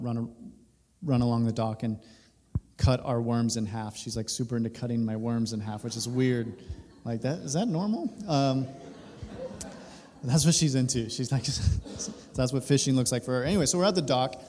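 A man in his thirties, a pastor, telling a personal story during a sermon, animated and laughing through it. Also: medium pitch. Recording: reverberant hall.

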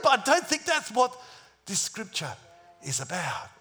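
A man's voice: high voice, huge pitch swings, unhurried, pushed and bright. A man preaching a sermon in a dramatic storytelling style, acting out the scenes he describes. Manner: dramatic, acts out the scenes, plays other voices.

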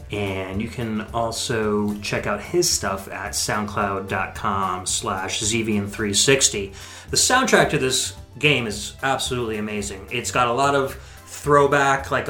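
A man's voice: mid-range voice, sharp tone. Man, 30s, podcast co-host, upbeat, explains at length, roomy echo, faint background music. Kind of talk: casual chat about game music.

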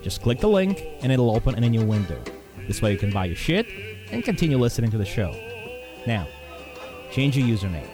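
A man's voice: medium pitch, sing-song, fast talker, over music. A man reading a scripted station promo in a snarky, bossy tone.

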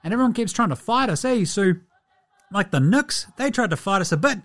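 A man doing a laid-back New Zealand basketball big man with a put-on New Zealand accent, rambling cheerfully in a comedy diary bit. The voice sits high and lifts brightly, and every few words get a chummy "bro" or "eh". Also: lively intonation, a little fast. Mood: easygoing.

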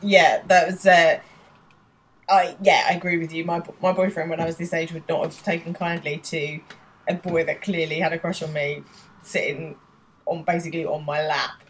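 A woman's voice: low-pitched, level tone, moderate pace. A woman co-hosting a podcast, recapping an episode in casual, chatty talk with some hesitant restarts. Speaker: podcast co-host.

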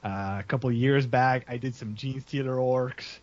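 A man's voice: medium pitch, fairly even intonation, moderate pace, a little mellow. A man chatting casually and enthusiastically about his hobby, rambling and poking fun at himself. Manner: enthusiastic, self-deprecating, rambling. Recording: dull lo-fi recording.

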